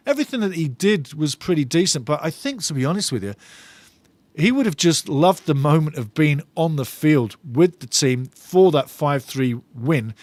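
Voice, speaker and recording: A man's voice: a little high, no room sound. A male fan host reading viewers' chat aloud during a live football watch-along, enthusiastic and given to repeating his phrases.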